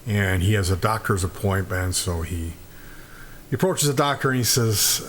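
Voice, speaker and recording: A man telling jokes in a relaxed storytelling way. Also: on the low side, moderate pace, slight background noise. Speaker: joke teller.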